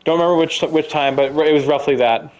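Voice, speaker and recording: A man telling a story in casual gaming chat, animated, swearing and laughing often. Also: a little high, quick pace, clean tone.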